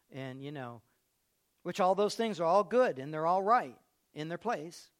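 A man with a notably high voice preaching a sermon. He tells his story in a rambling, conversational way, dropping low and quiet at times and then building up to loud, raised stretches. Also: animated, a little slow. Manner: storytelling, swings from hushed to loud.

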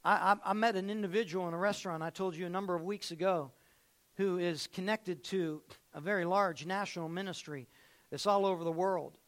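A man preaching a sermon as pastor, telling stories and repeating phrases, swinging between loud and hushed. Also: high voice, steady tone, brisk.

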